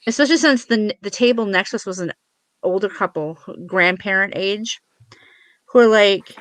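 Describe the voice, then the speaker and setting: A middle-aged woman, a podcast guest, who talks in a relaxed, easygoing way and laughs often while swapping parenting stories. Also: mid-range voice, moderate pace, no echo. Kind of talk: casual chat.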